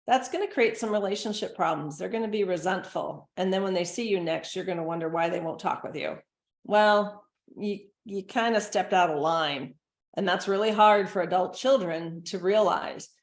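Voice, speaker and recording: A woman's voice: medium pitch, echoey room. A middle-aged woman giving a recorded presentation to caregivers, talking in a conversational, earnest way. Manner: conversational, earnest, acts out gentle quoted lines. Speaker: dementia care consultant and presenter.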